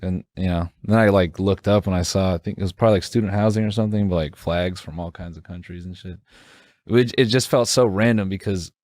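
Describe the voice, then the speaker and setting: Brief: male comedian, podcast co-host, lowish voice, loose rambling storytelling, dry close sound. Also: fairly quick, darkish tone, no room sound. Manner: rambling storyteller, many fillers and restarts. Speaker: stand-up comedian. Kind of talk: casual chat.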